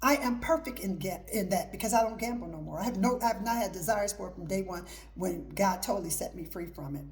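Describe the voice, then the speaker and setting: A woman's voice: mid-range voice, brisk, few pauses, darkish tone. A middle-aged woman hosting her own show, giving an emphatic, repetitive preaching talk mixed with personal testimony. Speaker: host.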